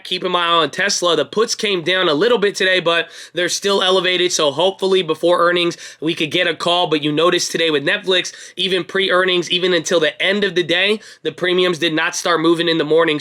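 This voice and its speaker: A young man hosting a stock trading channel, going over his watch list in a casual, energetic way and ending with a hyped-up motivational send-off. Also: high-pitched. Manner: talks with his hands.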